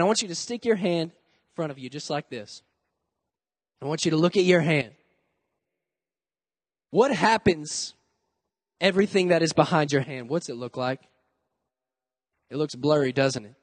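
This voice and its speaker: Young male youth pastor, high voice with a gravelly edge, energetic, joking sermon. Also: big-room sound.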